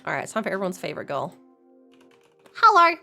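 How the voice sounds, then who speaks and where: A woman streaming a video game live, commenting in an animated, reactive way, with sudden loud exclamations. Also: sits low, rapid-fire, creaky, soft background music.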